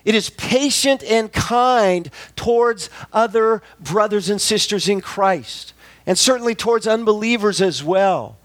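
A pastor delivering a sermon in a high-pitched male voice. He is measured and emphatic, and he slows down and repeats phrases to press his point home. The sound is dry and close, with no room echo. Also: lively intonation.

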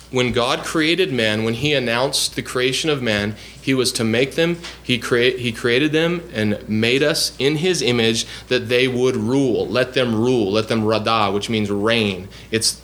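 A man of middle pitch teaches from scripture in an earnest, explanatory sermon. He stops often on fillers and restarts as he works through each point. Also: fairly bright tone, a little hiss or hum. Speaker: preacher.

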